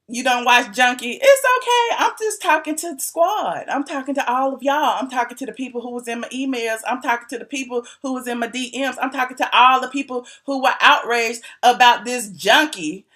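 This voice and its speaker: Sassy high-voiced woman gossip host. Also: a little fast. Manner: sassy, animated, teasing, laughs often. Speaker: YouTube commentary host. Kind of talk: gossip commentary to viewers.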